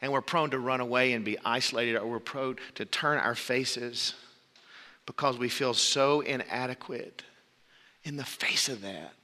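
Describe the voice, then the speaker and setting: A man's voice: mid-range voice, a little slow, big-room sound. A man preaching a sermon, earnest, telling stories to make his point. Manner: earnest, storytelling, shouts out quoted voices.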